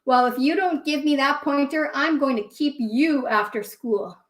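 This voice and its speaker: Feisty little girl bear talking back, read by a lady, high voice, roomy echo. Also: normal speed, natural voice. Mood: indignant. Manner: protesting, shouting back. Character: defiant young girl bear, quick to anger. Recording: echoey room, voice from off mic.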